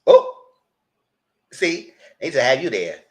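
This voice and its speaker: Animated sassy man reviewing reality TV. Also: unhurried. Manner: animated, sassy, frequent squealing jumps in pitch when mimicking. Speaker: commentator reviewing a reality show. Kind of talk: casual live review chat.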